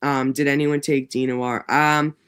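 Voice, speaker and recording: A man's voice: medium pitch, level tone, normal speed, fairly bright tone, clean tone. A man hosting a casual livestream, talking in a rambling, heavily profane way with lots of fillers. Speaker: livestream host.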